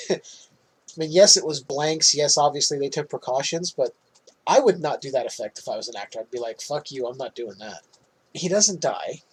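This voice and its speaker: A man's voice: a little high, animated, normal speed, husky, poor audio. A man podcast co-host recapping a film in casual chat, loose and swearing, laughing often.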